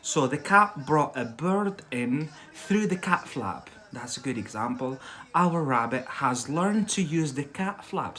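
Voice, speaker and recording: Slow, patient male English teacher. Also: a little high, fairly bright tone, slight background noise. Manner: slow, explains step by step and checks understanding with "yeah?"; hesitant, many fillers and restarts. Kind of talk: live online vocabulary lesson.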